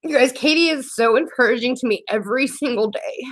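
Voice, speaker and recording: A woman's voice: sits high, a little fast, fairly bright tone. Woman, beauty vlogger, teary, grateful, casual livestream chat. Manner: emotional, grateful, tearful at times. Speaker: beauty vlogger reading live comments.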